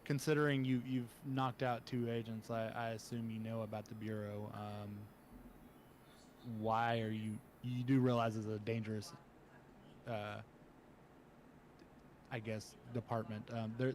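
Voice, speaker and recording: A man voicing a calm adult male government agent who speaks in a measured, quietly menacing way, as a tabletop game master. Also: lowish voice, a little hiss or hum, lightly acted. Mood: calm, cold.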